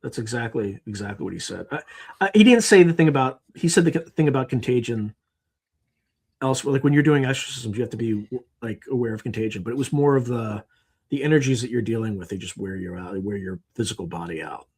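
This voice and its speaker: A man's voice: mid-range voice, fast talker, slightly rough. A man talking as a podcast guest, telling anecdotes with animation and acting out other people's lines. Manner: animated storyteller who acts out quotes. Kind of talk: conversational interview.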